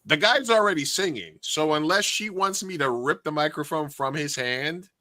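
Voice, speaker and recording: A man with a bright, forceful voice tells a story in a lively, casual way. He acts out the people in it and swears freely. The sound is dry and close. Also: on the high side, normal speed, dry recording. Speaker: podcast co-host, karaoke host.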